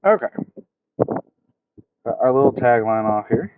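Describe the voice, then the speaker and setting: A man's voice: mid-range voice, slow pace, slight background noise. Man with a tinny headset sound. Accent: mild Southern US. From United States. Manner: relaxed, explains step by step, chats with viewers. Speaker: streamer. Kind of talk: casual fishing livestream tutorial. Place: outdoors at a park by water. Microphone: headset mic. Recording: tinny dry phone-like headset audio.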